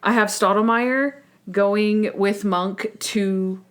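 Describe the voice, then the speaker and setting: A woman's voice: medium pitch, fairly even intonation, slow. Chatty woman podcast co-host. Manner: chatty, laughs often, retells scenes animatedly. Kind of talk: casual chat recapping a TV episode.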